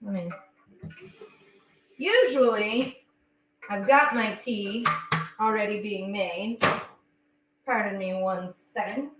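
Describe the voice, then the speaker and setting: A woman's voice: medium pitch, slow pace, pauses often, roomy sound, very noisy. A young woman hosting a casual baking livestream from her home kitchen, chatting and answering viewers' comments as she works.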